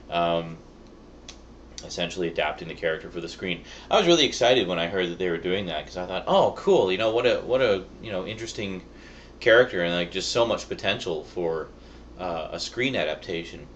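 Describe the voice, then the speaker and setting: A man's voice: sits low, a bit bright, slight background noise. A man talking through a film review in a loose, rambling way with many ums and uhs. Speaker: YouTube reviewer. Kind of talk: casual review.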